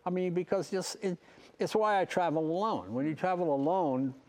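A man's voice: high-pitched, normal speed, a little mellow. An older man, a talk show host, telling funny anecdotes in a big garage and acting out the voices in his stories. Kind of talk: storytelling anecdotes. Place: large car garage.

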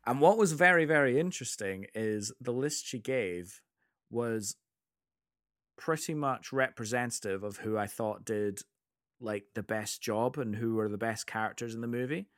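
A man's voice: medium pitch, normal speed, no echo, studio quality. A man chatting casually about a film, telling stories with lots of restarts. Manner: animated storyteller, many restarts.

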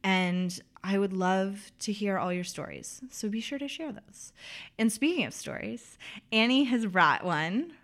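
A woman's voice: mid-range voice, measured pace. A young woman from the American South hosting a podcast, chatting casually and laughing easily. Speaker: podcast host. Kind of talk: casual chat.

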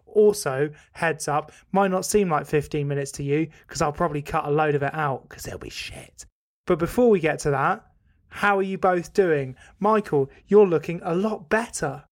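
A man hosting a podcast, chatting casually and teasing his co-hosts with quick jokes. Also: a little high. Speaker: podcast host.

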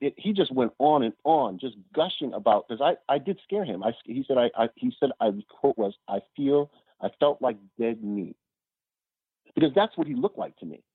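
Guy telling animated stories as a podcast guest, kinda husky, dry phone-ish sound. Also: mid-range voice, moderate pace, no echo, narrow, tinny audio. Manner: animated storyteller, acts out quotes. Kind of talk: casual storytelling.

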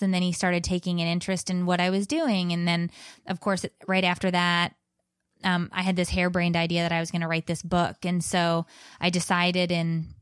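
Woman, thirties, candid animated storyteller, lowish voice, dry recording. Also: clear, resonant tone, dry recording. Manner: frank, animated, many restarts. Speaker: podcast guest, blogger and author.

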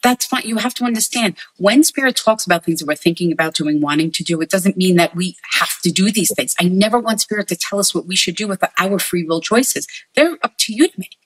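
This is a spirit reading for sitters by a woman who works as a psychic medium; she earnestly conveys messages to the people present and tends to repeat herself. Her lowish, slightly rough voice moves fairly fast with hardly any pauses, captured on poor audio.

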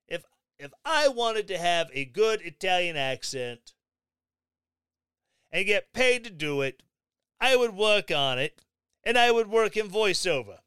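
A sarcastic male commentator with a high, bright voice that jumps up and down in pitch as he mocks the news. He talks at an unhurried pace with a smooth, crisp tone, recorded close and dry with no room sound. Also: no echo. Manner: sarcastic, mocking, animated asides. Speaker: commentary vlogger.

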